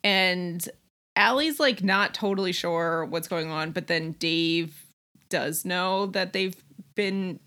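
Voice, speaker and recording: Woman co-host, relaxed and agreeable, casual recap talk. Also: on the low side, takes it slowly. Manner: easygoing, agreeable, laughs along. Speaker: podcast co-host.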